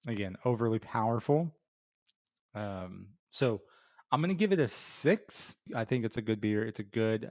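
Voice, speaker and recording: A middle-aged man hosting a beer review show, telling a casual story full of fillers and restarts before giving his rating. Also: fairly low pitch. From Florida. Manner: rambling with many fillers and restarts.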